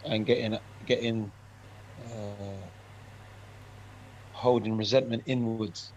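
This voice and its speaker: A man in a Bible study group, calmly and thoughtfully giving advice to another member. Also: fairly low pitch, slow, poor audio. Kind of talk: casual group discussion.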